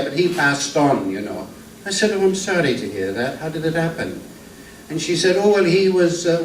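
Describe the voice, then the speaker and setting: A man's voice: fairly high pitch, pitched above the performer's own voice, natural voice. An older man playing an old, henpecked music-hall comedian. He tells jokes in a rambling, stammering patter in a vaudeville routine. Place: theater stage. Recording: echoey stage from a distance, faint room noise.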